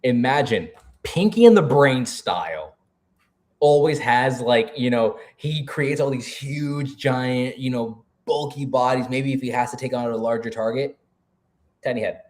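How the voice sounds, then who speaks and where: A man's voice: mid-range voice, animated, darkish tone. A man co-hosting a casual live stream, playfully jumping in with ideas. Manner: playful, quick to jump in with ideas. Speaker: co-host.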